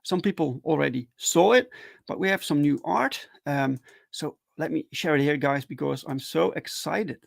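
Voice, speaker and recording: A man hosting a casual livestream chat, excitable and full of fillers and restarts. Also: a little high, moderate pace, gravelly, no room sound. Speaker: talk show host.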